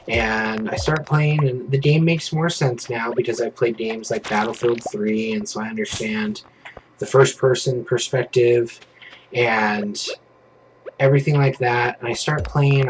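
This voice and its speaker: Animated male streamer telling stories. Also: medium pitch, noisy background. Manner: animated, vivid retelling with casual swearing. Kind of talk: casual storytelling chat.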